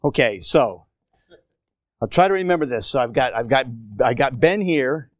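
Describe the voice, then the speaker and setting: A man preaching a lively, playful sermon to his congregation in a church, talking straight to them and joking with them. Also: mid-range voice, normal speed, no room sound, studio quality. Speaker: pastor. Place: church auditorium.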